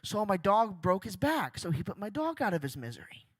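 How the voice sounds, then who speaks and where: A man's voice: high voice, very animated, brisk, husky, no echo, full character voice. A young man voicing a plainspoken male farmer who tells his side of the story in a matter-of-fact way. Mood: earnest.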